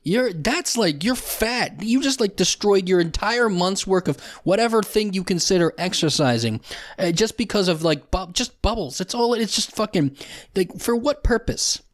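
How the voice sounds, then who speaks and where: Young man, podcast host, comedic rant, sarcastic, cursing, fairly high voice. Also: expressive, moderate pace, no room sound, studio quality. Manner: profane, ranting, sarcastic, with frequent restarts.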